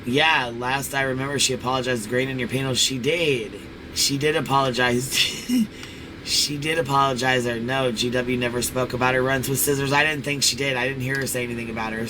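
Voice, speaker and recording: A man co-hosting a live stream, reacting in an excitable way with lots of swearing and laughs. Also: mid-range voice, brisk, noisy background. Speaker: co-host.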